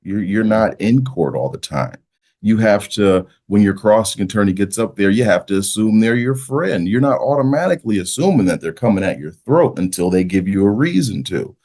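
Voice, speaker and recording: A man's voice: fairly low pitch, expressive, normal speed, darkish tone. A man, a mock trial coach, speaking as a podcast guest and giving earnest, practical coaching advice. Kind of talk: casual podcast interview.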